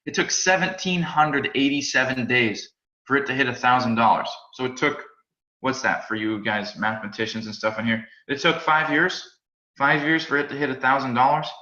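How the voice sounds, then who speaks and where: Energetic male instructor, chatty, stumbles and repeats words, forceful tone, roomy recording. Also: mid-range voice, moderate pace. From United States. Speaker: crypto trading instructor. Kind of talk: live class presentation. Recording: roomy, slightly dull sound.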